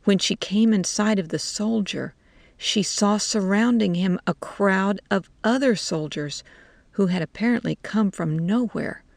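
A woman narrating a story in a slow, measured way. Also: medium pitch, creaky, no echo.

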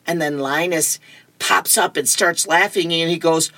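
A woman's voice: on the low side, moderate pace, fairly bright tone, dry recording. A woman radio reader reading comic strips aloud, chuckling as she playfully acts out the characters.

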